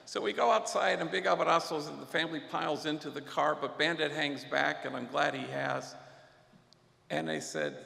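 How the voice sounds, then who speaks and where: A man's voice: a little high, moderate pace, vocal fry, sharp tone. A man, a priest speaking at a luncheon, telling an earnest story and sprinkling in Spanish phrases. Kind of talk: storytelling speech. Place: large banquet hall. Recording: echoey hall reverb.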